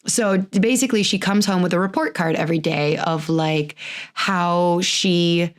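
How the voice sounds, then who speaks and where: A woman's voice: on the low side, moderate pace. A woman in her thirties hosting a podcast, talking in a chatty, rambling way, with frequent "like"s and little laughs. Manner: laughs often while talking. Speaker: podcast host. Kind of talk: casual chat.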